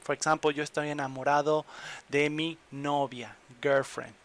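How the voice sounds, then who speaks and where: A man teaching in an online lesson, English, explaining slowly and repeating examples. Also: on the high side, little pitch movement, a bit bright. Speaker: Spanish teacher.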